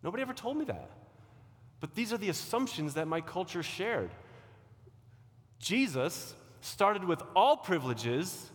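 Animated male preacher in a reverberant hall. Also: high-pitched, unhurried, pauses often. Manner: animated, sweeping from loud emphasis to quiet asides. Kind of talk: sermon.

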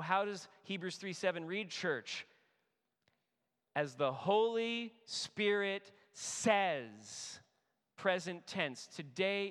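A man preaching a sermon as a pastor, animated and storytelling, building intensity as he voices scripture. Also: on the high side, smooth. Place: church sanctuary. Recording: echoey hall with long reverb.

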